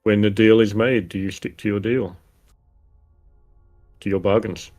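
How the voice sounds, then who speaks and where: A man playing a tabletop game who asks calm, probing questions in character. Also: on the low side, a little slow, faint music behind. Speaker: player. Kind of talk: tabletop role-play.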